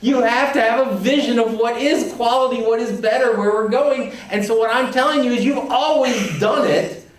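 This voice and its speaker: A man giving an animated, emphatic conference talk to a room of librarians, acting out quoted voices with playful energy. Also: very high-pitched, moderate pace. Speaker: conference keynote speaker. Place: large conference hall. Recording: echoey hall, distant mic.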